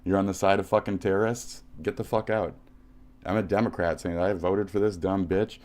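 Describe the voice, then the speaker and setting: A man from the United States with a low voice hosts a livestream. He delivers an aggressive, profane rant and taunts his target with insults he keeps repeating. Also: steady tone, a little fast, a little mellow.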